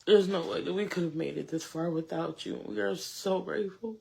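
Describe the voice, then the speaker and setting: A mother giving an emotional public statement, tearful and exhausted, halting and repeating her words as she thanks people. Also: lowish voice, creaky, mellow. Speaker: mother of a shooting victim.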